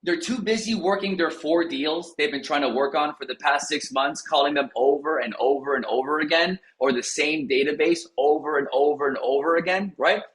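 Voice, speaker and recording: A man giving a lively motivational coaching talk to real estate agents, telling stories and speaking straight to the audience. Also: on the high side, normal speed, few pauses. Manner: animated, storytelling, addresses audience directly. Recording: roomy echo.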